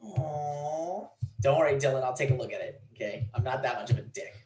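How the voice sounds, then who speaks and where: A man's voice: medium pitch, lively intonation, fairly quick, darkish tone, echoey room, poor audio. A man teaching a programming class, blunt and teasing, in a classroom. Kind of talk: classroom lecture.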